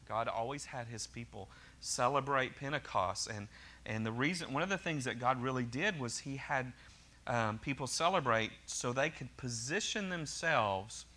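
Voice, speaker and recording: A bright, forward-voiced man from Oklahoma preaches to his congregation. He talks in an easy, conversational way, often restarting sentences and dropping in joking asides. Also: mid-range voice. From Oklahoma, USA. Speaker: pastor. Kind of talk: sermon.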